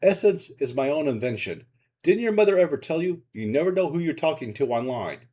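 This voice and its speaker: A man's voice: a little high, expressive, brisk, mellow, pitched above the performer's own voice. A man voicing a menacing male Russian mafia thug with a Russian accent, in a storybook reading, with a taunting, mocking manner.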